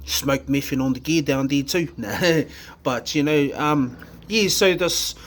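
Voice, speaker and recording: A man from New Zealand with a New Zealand accent, giving a candid personal testimony in a halting way, full of fillers, restarts and casual swearing. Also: a little high. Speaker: vlogger sharing his recovery story.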